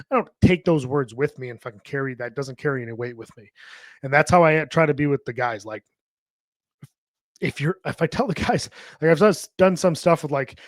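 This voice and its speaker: A man with a fairly high voice hosts a fitness podcast, talking in a blunt, profane, tough-love way. He speaks straight into a podcast microphone, and the sound is close and completely dry. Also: dry recording. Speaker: podcast host and fitness coach. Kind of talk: podcast monologue.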